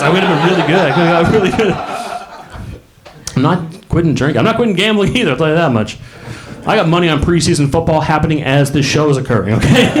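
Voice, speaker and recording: A man with a fairly high-pitched voice performs a stand-up comedy set on a club stage, telling rambling stories and acting out the voices of the people in them. It's recorded live in the club, with the audience's laughter audible in the background.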